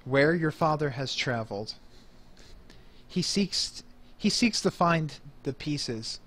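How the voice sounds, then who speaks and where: A solemn ancient god speaks in a measured, stately way, as a man voices him at the gaming table. His tone is calm, generous and unhurried. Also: a little high, full character voice. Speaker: game master voicing a deity.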